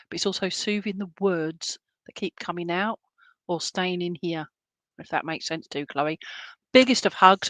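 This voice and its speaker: A woman's voice: on the low side, dry recording. Chatty woman medium, dry sound. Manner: chatty and reassuring, with soft whispered asides. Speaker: spiritualist medium. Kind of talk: live online clairvoyant reading.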